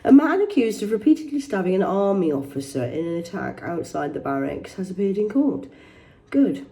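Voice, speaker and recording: A woman's voice: fairly low pitch, very animated, moderate pace, vocal fry, warm tone. A woman, reading news headlines aloud in a rambling vlog, swearing heavily and adding mocking asides. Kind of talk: rambling livestream commentary.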